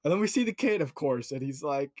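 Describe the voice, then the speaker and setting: A man's voice: fairly high pitch, expressive, quick pace, a little mellow, no room sound, clean studio sound. A young man co-hosting a casual review podcast, laid-back and slangy, recapping scenes. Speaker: co-host.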